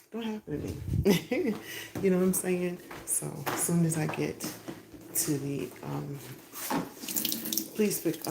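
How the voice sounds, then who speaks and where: A woman hosting a casual live stream from home, chatting in a rambling, half-whispered way as she walks out to her porch. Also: low voice. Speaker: podcast host. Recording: echoey, noisy phone livestream.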